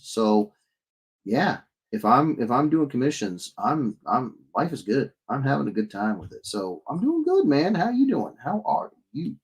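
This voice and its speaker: A man's voice: medium pitch, a little mellow, slightly rough. A man in his thirties, an illustrator chatting casually with viewers on a live stream as he draws, joking, rambling and reading comments aloud. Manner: rambling and jokey, reads chat aloud, frequent restarts. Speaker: illustrator streaming while drawing.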